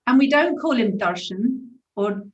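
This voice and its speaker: A woman in her forties with a Brighton English accent, hosting a casual interview and speaking in a gushing, affectionate, spiritual way. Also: fairly high pitch, lively intonation, unhurried, echoey room, muffled recording. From England. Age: 40s. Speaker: host.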